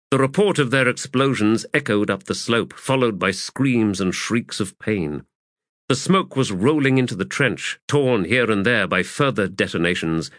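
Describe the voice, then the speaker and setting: Male narrator, low voice, measured delivery, dry close recording. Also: a bit bright, no echo. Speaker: audiobook narrator. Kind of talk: scripted narration.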